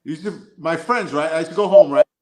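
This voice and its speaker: A man from Jamaica with a Jamaican accent mixed with American, telling stories on a call-in show in an animated way and laughing as he goes. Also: on the high side, brisk, background noise. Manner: animated, laughs while telling stories, drifts between patois and American speech.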